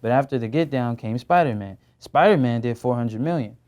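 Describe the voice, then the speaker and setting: A man's voice: mid-range voice, a little fast. A young man in his twenties, an actor talking casually in a studio interview, loose and slangy with lots of fillers. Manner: relaxed, slangy, many fillers. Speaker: actor guest.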